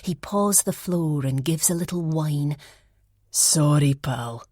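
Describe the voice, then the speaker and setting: A woman narrating a first-person mystery audiobook in an even, measured storytelling manner. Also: deep voice, dry recording, clean studio sound.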